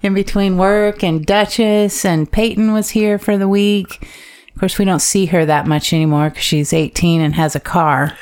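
A woman's voice: mid-range voice, steady tone, normal speed, darkish tone, clean tone. A woman co-hosting a casual podcast, chatty and laughing easily. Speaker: podcast co-host. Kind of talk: casual chat.

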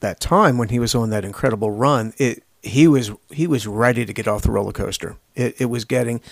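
A man's voice: medium pitch, fairly quick, creaky, no room sound, studio quality. A man co-hosting a podcast, chatting casually and reflectively about pop music, often restarting his sentences. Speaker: podcast co-host. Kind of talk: casual chat about 1980s pop hits. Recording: music playing under the talk.

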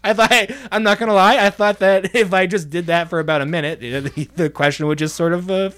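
A man's voice: high voice, fairly even intonation, brisk, a bit bright, slight background noise. A man playing a smarmy, awkward male gallery curator in an improvised comedy, rambling and flustered. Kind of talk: improvised comedy role-play.

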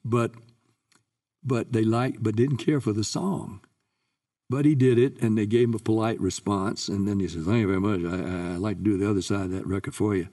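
Older male guest raconteur, lowish mellow voice, a bit off-mic. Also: a little fast, recorded from a distance. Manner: lively recounting, acts out quoted voices. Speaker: guest singer. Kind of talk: anecdotal interview storytelling.

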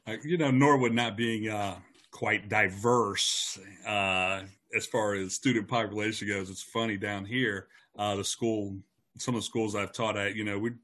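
In a relaxed conversation, a teacher recounts something from his teaching days and acts out the voices of the people involved. He's an animated storyteller with a fairly low voice and an unhurried pace.

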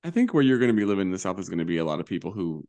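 A man co-hosting a casual pop-culture podcast, animated and campy, slipping into mock voices for jokes. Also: low-pitched, rapid-fire. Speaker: podcast co-host. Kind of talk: casual chat.

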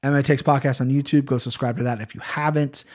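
A man's voice: medium pitch, steady tone, fast talker, a little mellow. A man hosting a podcast, telling a long story in a rambling, profane, casual way. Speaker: podcast host. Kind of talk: casual chat.

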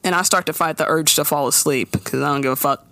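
A woman hosting a casual podcast, recapping a TV episode in an animated way, swearing freely and slipping into quoted voices. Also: low-pitched, fast talker, no room sound, studio quality. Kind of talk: casual chat.

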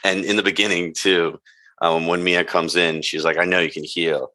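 A man co-hosting a podcast in laid-back, slangy casual chat, jumping high in pitch to act out quotes. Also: little pitch movement, normal speed, pushed and bright. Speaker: podcast co-host.

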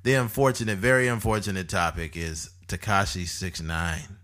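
Deep, blunt young man chatting. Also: normal speed. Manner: blunt, swears freely, animated asides. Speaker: podcast co-host. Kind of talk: casual chat.

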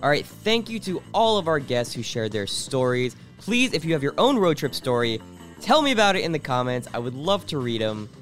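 A man with a fairly high, lively voice wraps up his podcast with cheerful thanks. Soft music plays under him. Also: fairly quick. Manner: upbeat, friendly thanks. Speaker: podcast host. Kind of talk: show sign-off.

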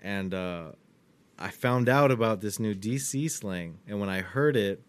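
A man's voice: fairly low pitch, measured pace, smooth. A young man in casual podcast chat, telling loose stories with frequent swearing. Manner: loose, swearing, storytelling with laughs.

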